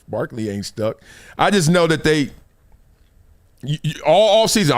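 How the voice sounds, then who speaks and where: A man's voice: on the high side, takes it slowly, long pauses. A man hosting a live sports talk stream, telling stories with laughs and lots of energy. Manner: animated, laughing, storytelling. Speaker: host.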